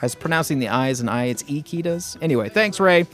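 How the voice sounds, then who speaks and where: A man's voice: medium pitch, lively intonation, fast, fairly bright tone, faint music behind. A man hosting a casual morning radio show, chatty and upbeat, rambling with fillers and restarts. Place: radio studio.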